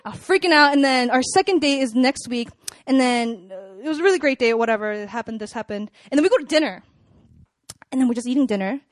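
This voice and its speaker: A young woman with a high, bright-sounding voice talks to a room full of people in a relaxed, sermon-like way. She is chatty and animated, with lots of filler words. The sound is close and dry, with hardly any room echo. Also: fast talker. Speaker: speaker at a church gathering. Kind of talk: casual sermon talk. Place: room with a live audience.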